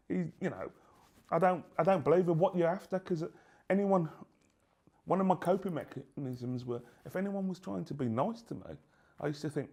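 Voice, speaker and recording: A middle-aged man gives a personal testimony in an interview. His voice is gravelly and set a little high for a man. He tells the story haltingly but with life, playing out both sides of past exchanges. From England. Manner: halting, lively storytelling, acts out both sides of old conversations.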